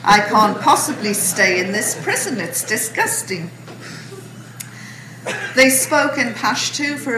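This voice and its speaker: Bright-voiced woman telling a story in an echoey hall. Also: medium pitch, a little hiss or hum. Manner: animated, wry storytelling with acted quotes. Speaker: speaker recounting her imprisonment. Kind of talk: storytelling talk to an audience.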